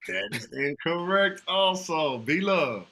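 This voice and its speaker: Bright, lively man hosting trivia. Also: a little high, takes it slowly. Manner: laughs often, teasing and playful. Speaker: trivia host. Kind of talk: casual online game hosting. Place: home, video call. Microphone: video call mic.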